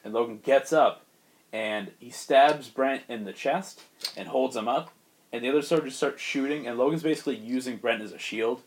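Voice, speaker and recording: A man hosting a chat, retelling a story in a loose, animated way. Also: medium pitch, normal speed, slight background noise. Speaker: host pitching a movie story.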